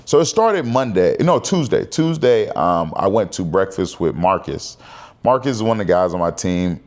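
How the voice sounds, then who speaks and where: A man's voice: low-pitched, big pitch swings, moderate pace. A man in his thirties talking candidly to camera in a casual personal vlog, rambling and conversational. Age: 30s. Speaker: vlogger.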